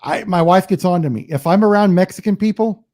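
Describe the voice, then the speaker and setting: A man's voice: sits high, fast, mellow. A man co-hosting a casual sports podcast, telling stories in an easy, conversational way. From United States. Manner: storytelling, conversational. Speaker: podcast co-host.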